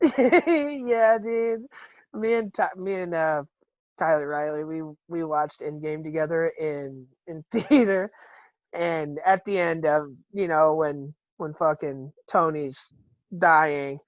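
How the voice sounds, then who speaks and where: A man's voice: fairly high pitch, takes it slowly, dry recording. Laughing, swearing man on a dull mic. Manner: laughs often, swears freely, animated storytelling. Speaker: podcast guest or host. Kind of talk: casual chat.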